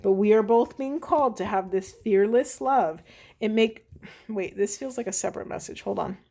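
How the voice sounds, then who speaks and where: Woman, mid-pitched, solo tarot reader, reflective and halting, restarts often. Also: creaky, mellow. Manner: thinking aloud, halting restarts. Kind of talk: spiritual card reading.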